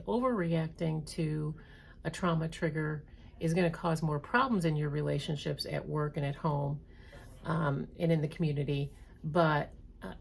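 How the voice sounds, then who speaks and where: A woman therapist giving a calm, measured educational talk, reading items slowly. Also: sits low, gravelly, breathy edge. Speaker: trauma therapist.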